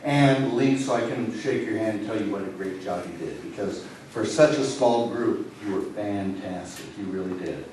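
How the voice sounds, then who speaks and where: A man from Nebraska working as a stage hypnotist in a comedy show, giving slow, soothing suggestions that sink soft and low when he tells people to relax. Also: a little hiss or hum. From Lincoln, Nebraska. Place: indoor city hall room. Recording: echoey hall, voice from far off.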